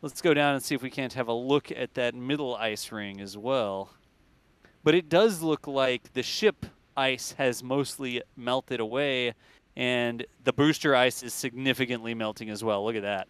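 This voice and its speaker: A man's voice: medium pitch, moderate pace, clean tone, no echo. A man hosting casual live commentary on a rocket test, chatty and joking as he explains things plainly. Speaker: livestream host.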